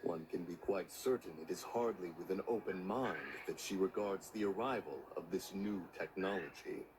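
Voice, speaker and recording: A man's voice: low-pitched, normal speed, background noise, natural voice. A man voicing an ancient, solemn divine beast who speaks in an archaic, formal way, in game dialogue. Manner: archaic, formal, says "one".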